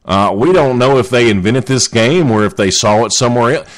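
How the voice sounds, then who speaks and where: A man's voice: medium pitch, lively intonation, fairly quick, few pauses. A man hosting a comedic show, rambling jokily through odd news stories and asking his listeners questions. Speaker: radio show host.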